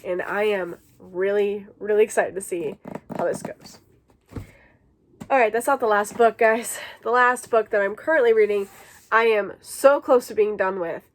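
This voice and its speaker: A woman's voice: mid-range voice, normal speed, slight background noise. A woman hosting a casual book vlog, talking in an emotional, gushing way with plenty of "like" fillers. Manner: gushing, emotional, filler-heavy with frequent likes. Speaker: book vlogger. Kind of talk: casual chat.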